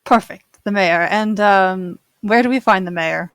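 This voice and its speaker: A woman player speaks in character, polite and eager, smoothing over an awkward meeting. Her voice sits mid-range and is close and dry on the mic. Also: mid-range voice, unhurried, no echo. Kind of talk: in-character talk in a tabletop game.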